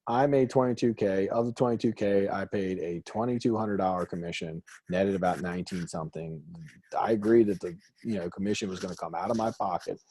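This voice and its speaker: A man leads a casual group call as a coach, telling it straight with lively, animated delivery and the odd curse. His voice is warm and a little husky, with no room sound around it. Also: sits low, a little fast, no room sound. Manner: blunt, animated storyteller who swears casually. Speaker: host and real estate coach. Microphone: group call audio.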